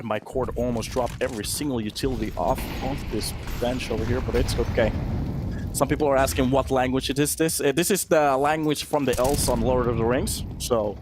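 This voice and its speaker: A man with a Finnish accent calls an esports match play by play, in a voice of ordinary middle pitch. He is chatty between rounds and quickens and lifts as the big plays land. A faint hiss sits under his voice. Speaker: esports caster. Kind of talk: play-by-play commentary.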